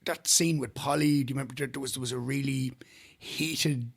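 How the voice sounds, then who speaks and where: A man's voice: medium pitch, steady tone, a little fast, creaky, breathy edge. An Irish man co-hosting a podcast, chatting casually and telling stories with energy. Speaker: podcast co-host. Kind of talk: casual chat.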